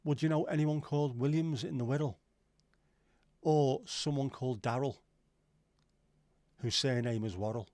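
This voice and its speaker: A man's voice: medium pitch, normal speed, long pauses, a little mellow, no echo. A man hosting a livestream, rambling and joking as he chats with viewers and swears casually. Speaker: livestream host. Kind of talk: casual chat reading viewer comments.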